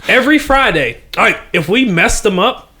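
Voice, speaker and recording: A young man, a podcast guest telling an animated, slangy story and laughing often. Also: sits high, normal speed, breathy edge. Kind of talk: casual chat.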